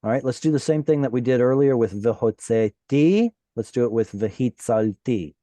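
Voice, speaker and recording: A man's voice: medium pitch, expressive, normal speed, dark tone, dry recording. A man teaching a Hebrew class online, walking students through words and patiently asking them questions.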